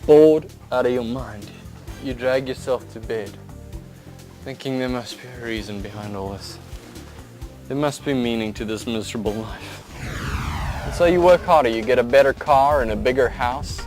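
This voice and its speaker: A man's voice: mid-range voice, unhurried, pauses often. A man delivering a scripted, intense spoken-word monologue that builds to impassioned outbursts. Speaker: narrator. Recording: voice over loud background music.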